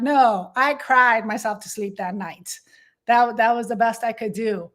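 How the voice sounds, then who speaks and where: Woman guest, raised pitch, earnest testimonial delivery, halting restarts. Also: steady tone. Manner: earnest and heartfelt, with frequent restarts. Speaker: guest, business consultant and co-host. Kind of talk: faith-based conversation, personal testimony.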